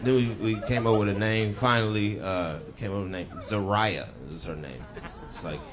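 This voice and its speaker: A man doing stand-up with an animated, swooping delivery. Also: lowish voice, moderate pace. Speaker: stand-up comedian. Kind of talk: stand-up routine. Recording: loud crowd and noise.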